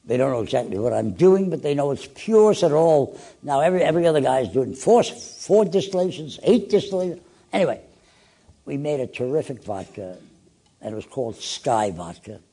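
A man's voice: medium pitch, gravelly, slightly rough. A man being interviewed as a guest in a radio studio, telling stories with gusto and acting out the dialogue in different voices. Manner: acts out dialogue with lively voices. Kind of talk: animated anecdotal storytelling.

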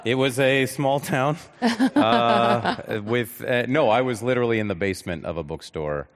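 A man as a guest on stage, chatting casually with deadpan, self-deprecating jokes and halting restarts. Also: mid-range voice, a faint crowd. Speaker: guest actor. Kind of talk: casual interview chat. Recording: live hall reverb.

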